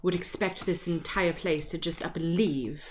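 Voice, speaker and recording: Woman, tabletop player, earnest, lowish voice, faint noise. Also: steady tone, moderate pace. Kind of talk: casual chat.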